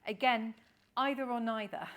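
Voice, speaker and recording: A woman Pilates instructor leading an exercise class with calm, encouraging cues and counting. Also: a little high, normal speed.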